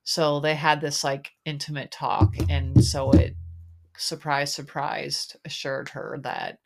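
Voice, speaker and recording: Casting note: woman podcast host with a low voice, chatty, rambling, filler-heavy. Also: flat delivery, takes it slowly, loud music behind the voice. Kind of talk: casual chat recapping a reality show.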